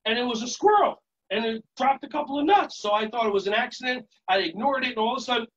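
A man teaching a live virtual workshop, playful and energetic, chanting songs and shouting sudden "aya" calls. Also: very high-pitched, quick pace, dull audio. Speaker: children's yoga and martial arts instructor.

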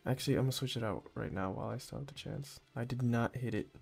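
Gravelly, cursing gaming streamer man. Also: mid-range voice, fast talker, faint music behind. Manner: profane, slangy, excitable outbursts. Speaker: gaming YouTuber. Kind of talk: rambling gameplay commentary.

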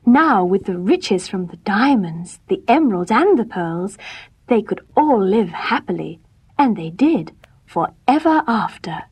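Husky woman reading a fairy tale out loud, soft and measured, storybook style. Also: medium pitch, sing-song. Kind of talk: scripted storybook narration.

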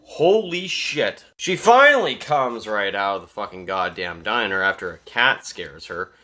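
Profanity-heavy, bright-voiced male movie reviewer. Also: on the low side, normal speed. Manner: animated, swearing constantly, laughing asides. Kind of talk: casual profane film recap.

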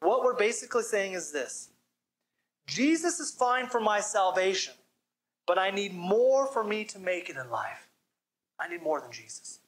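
A man's voice: high voice, sing-song, normal speed, fairly bright tone. A man giving a church sermon as pastor, preaching with emphasis and asking the listeners direct questions. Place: church service.

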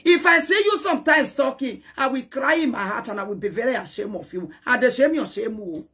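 A woman's voice: on the high side, lively intonation, brisk, fairly bright tone, breathy edge. A woman ranting in a dramatic, scolding social media commentary, taunting and repeating herself.

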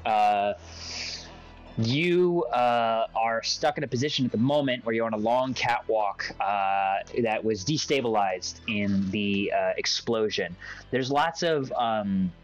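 A man's voice: fairly low pitch, takes it slowly. A young man narrating a tabletop game as game master, rambling and full of fillers. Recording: dull lo-fi voice chat with faint music.

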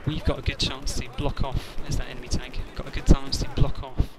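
A man's voice: medium pitch, little pitch movement, fairly quick, heavy background noise. A man giving rambling, sweary, self-mocking commentary over his own gameplay. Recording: loud game gunfire and explosions behind.

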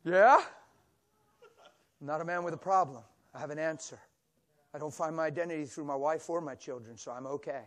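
A man in his sixties preaching a sermon in a church, telling stories animatedly and swinging from loud exclamations to a soft near-whisper. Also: on the high side, brisk, long pauses.

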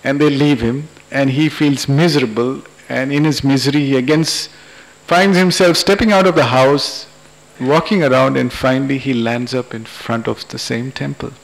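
A man's voice: mid-range voice, fairly even intonation, vocal fry. A man, lecturing and telling an anecdote at a public talk in a convention hall. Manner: unhurried, anecdotal storytelling.

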